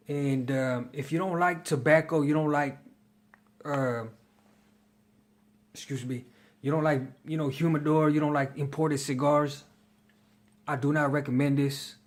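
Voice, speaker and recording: A man giving a casual fragrance review in a slangy, chatty way, hyping the ones he likes. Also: a little high. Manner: slangy, chatty, hypes his picks.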